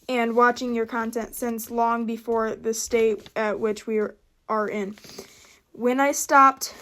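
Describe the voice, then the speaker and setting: A woman's voice: a little high, a bit bright, slight background noise. A teenage girl reading a prepared statement to camera, often stumbling and restarting her lines with flustered asides. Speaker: vlogger.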